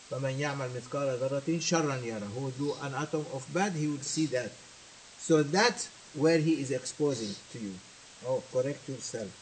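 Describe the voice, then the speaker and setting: A man gives a sermon, switching between languages as he teaches. He repeats his points and asks his listeners questions. His voice sits a little high, and a faint hiss runs under the recording. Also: low-quality recording. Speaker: religious teacher. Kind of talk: sermon with translation.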